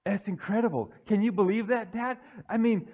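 A man preaching, acting out young Joseph as an excited young man who stammers and gushes into a phone call to his dad. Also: high-pitched, normal speed, voice pushed up. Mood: eager. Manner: breathless, stammering, gushing. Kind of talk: dramatized monologue in a sermon.

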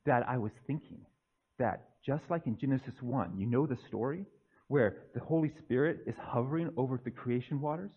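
A man preaching, acting out young Joseph as an excited young man who stammers and gushes into a phone call to his dad. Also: medium pitch, a little fast, breathy edge. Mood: eager. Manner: breathless, stammering, gushing. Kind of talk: dramatized monologue in a sermon.

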